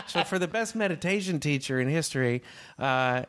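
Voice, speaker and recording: A man casually telling a story in a chat, animated, acting out both sides of an argument. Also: a little high, measured pace, pauses often.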